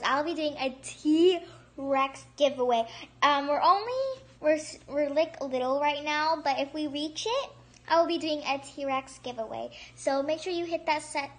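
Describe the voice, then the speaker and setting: A woman hosting a casual gameplay commentary, excitable and chatty, gasping and squealing at surprises and rambling with restarts. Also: sits high. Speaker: gaming channel host.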